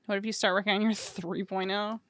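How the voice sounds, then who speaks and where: A woman's voice: mid-range voice, flat delivery, fairly quick, fairly bright tone. A woman streamer chatting casually with her viewers, swearing freely and laughing often.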